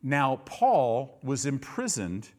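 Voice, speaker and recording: A male preacher delivering a sermon who swings between low, intense passages and loud, high-pitched bursts, often repeating words for emphasis. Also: huge pitch swings, takes it slowly.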